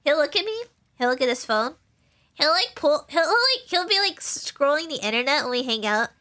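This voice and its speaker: A young woman streamer chats casually about her life, rambling through stories with plenty of fillers and giggles. Her voice sits high and bright, and her pitch bounces up and down animatedly. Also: sing-song, moderate pace. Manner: rambling and chatty, with frequent fillers and laughs. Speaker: VTuber streamer.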